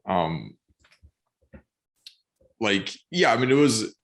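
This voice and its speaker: A man co-hosting a podcast, musing about a book in a hesitant, casual way with many pauses and fillers. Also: lowish voice, expressive, vocal fry. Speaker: podcast co-host.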